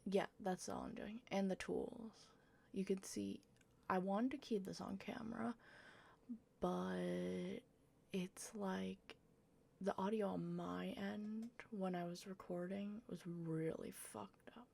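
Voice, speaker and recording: A young woman doing a casual, rambling voiceover over gameplay, talking slowly and swearing offhandedly. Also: medium pitch, fairly even intonation, creaky, dark tone. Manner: slow, rambling, self-deprecating, swears casually. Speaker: gaming YouTuber.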